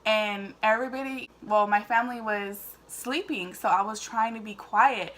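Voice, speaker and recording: A woman's voice: medium pitch, moderate pace, fairly bright tone. A woman telling her own story casually to camera, chatty and full of fillers. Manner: chatty, emotional, many fillers. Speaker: vlogger.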